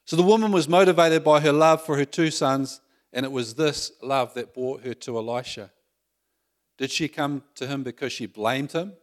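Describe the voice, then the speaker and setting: A man's voice: mid-range voice, normal speed. A man preaching a sermon in a conversational way, often asking the congregation questions.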